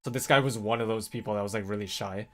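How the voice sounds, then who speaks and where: A man vlogging in a casual, rambling storytelling way, animated when he quotes people. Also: on the low side, fast. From North America. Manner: rambling, animated when quoting others, laughs often.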